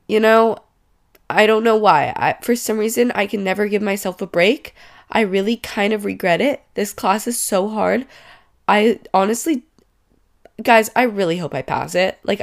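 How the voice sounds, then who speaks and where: Young female podcast host in her twenties, stuffy cold voice, chatty and emphatic. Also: medium pitch. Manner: chatty and emphatic, rising to exclaim in mock outrage. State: congested from a cold. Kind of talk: casual solo podcast chat.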